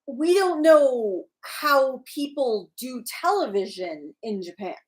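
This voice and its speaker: Woman, high voice, very lively pitch, casual livestream co-host, teasing. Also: takes it slowly. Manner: animated and teasing.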